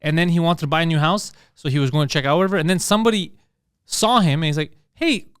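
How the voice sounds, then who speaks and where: A man's voice: on the high side, fast, smooth, no echo. Guy cracking crude jokes on a podcast, dry close mic. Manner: crude, animated storytelling with acted quotes. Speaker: podcast co-host. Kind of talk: casual comedy podcast banter.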